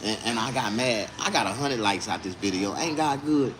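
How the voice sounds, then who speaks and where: A man's voice: fairly low pitch, normal speed, noisy background. A man telling a story in a casual, indignant rant, full of swearing. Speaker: vlogger.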